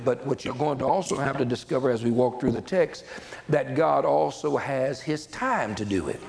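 A man's voice: mid-range voice, creaky, rough recording. A man preaching a sermon as a pastor, talking conversationally with repeated words and folksy asides to the congregation.

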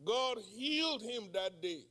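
Preaching slowly, a man in his sixties with a high, expressive, sharp-toned voice asks his congregation questions in call-and-response. At times he cries out in prayer.

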